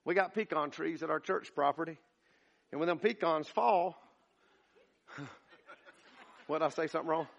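A man's voice: a little high, a little slow, creaky, pauses often, lo-fi sound. A man preaching a sermon as pastor, folksy and joking with his congregation.

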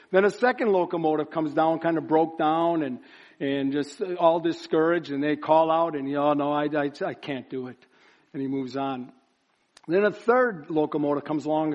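A man's voice: a little high, darkish tone, lo-fi sound. A man preaching a sermon at a church service, building up to emphatic repeated phrases. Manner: builds to emphatic chanted repetition.

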